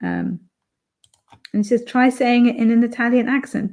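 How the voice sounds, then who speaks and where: A woman's voice: a little high, normal speed, a little mellow. Chatty British woman reading live chat. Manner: chatty, reads viewer comments aloud with many fillers. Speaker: livestream host reading chat. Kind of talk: casual chat.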